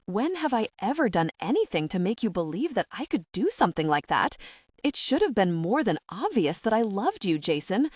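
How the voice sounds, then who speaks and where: Woman doing a hurt young girlfriend, teary and accusing, lively swoopy pitch. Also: normal speed, breathy edge, no echo, clean studio sound. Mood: tearful. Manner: tearful, accusing.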